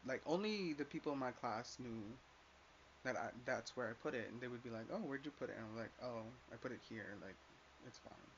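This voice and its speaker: A man's voice: mid-range voice, brisk. A young man telling a story in a casual rant, swearing often, emphatic and full of "like". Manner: profane, emphatic, uses "like" a lot. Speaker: vlogger. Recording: slightly dull lo-fi sound with faint hiss.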